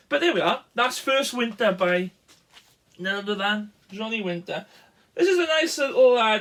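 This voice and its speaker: A man's voice: high-pitched, a bit bright. A man, a guitarist, casually showing his vinyl records and rambling through track lists with plenty of ums and uhs. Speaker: musician, guitarist. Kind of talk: casual show-and-tell.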